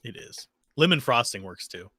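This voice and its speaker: A man's voice: medium pitch, big pitch swings, moderate pace, pushed and bright, no room sound, studio quality. A man co-hosting a gaming stream, joking and chatting animatedly. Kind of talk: casual let's-play commentary.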